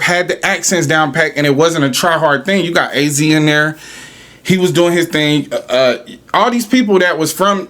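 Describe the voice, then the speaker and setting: A man's voice: high-pitched, fairly bright tone. A man hosting a podcast, ranting in a casual, profane, argumentative way. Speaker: podcast host.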